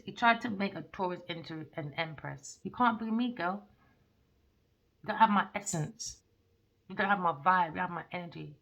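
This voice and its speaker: A woman's voice: fairly low pitch, normal speed, vocal fry, a bit bright, dull audio. A woman giving a casual tarot reading, talking bluntly and animatedly and swearing freely. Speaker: tarot reader.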